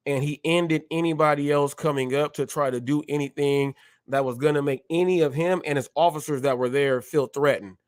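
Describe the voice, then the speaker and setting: A man hosting a live stream, talking in an animated way, often repeating himself and acting out short exchanges. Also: a little high, clear, resonant tone, no echo, clean studio sound. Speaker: show host.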